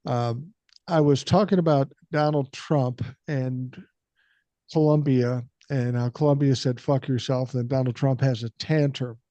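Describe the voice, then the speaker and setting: A man's voice: mid-range voice, steady tone, measured pace, dark tone, no room sound, dull audio. Blunt older man with a cold. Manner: blunt, profane, storytelling. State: has a cold. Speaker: podcast host. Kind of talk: casual podcast chat.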